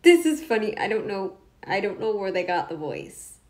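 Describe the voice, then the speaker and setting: A woman's voice: medium pitch, very animated, normal speed, a little mellow. A woman hosting a reaction video, rambling and laughing often, feeling mentally off. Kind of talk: casual commentary.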